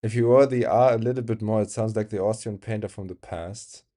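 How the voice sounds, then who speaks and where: A man's voice: fairly low pitch, fairly even intonation, brisk, warm tone. German-accented man streaming a game. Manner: chatty, reads chat aloud, laughs often. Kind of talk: live-stream chat while gaming.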